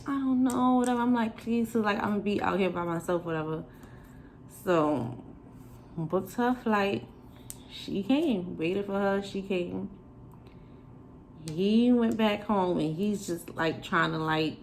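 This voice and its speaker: A young woman from New York telling a storytime to the camera, animated and sassy, acting out the quoted lines. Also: fairly low pitch, slight background noise, poor audio. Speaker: vlogger. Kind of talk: storytime chat.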